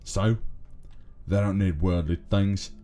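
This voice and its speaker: A man's voice: deep voice, fairly even intonation, slow pace, warm tone. A man voicing a shifty male thief under arrest, defensive and talking in a put-on accent he calls bad.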